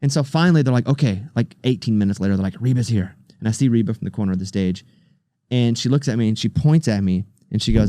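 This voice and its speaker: Comedian guest, male, brisk storyteller, dry studio mic. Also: fairly low pitch, no echo. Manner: animated storyteller, voice rising with excitement. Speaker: guest, comedian and radio host. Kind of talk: casual storytelling chat. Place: podcast studio.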